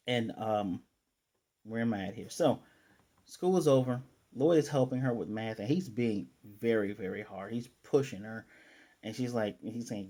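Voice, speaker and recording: A man's voice: mid-range voice, moderate pace, warm tone. A man casually recapping an anime episode, chatty and self-correcting, with playful asides. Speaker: anime reviewer.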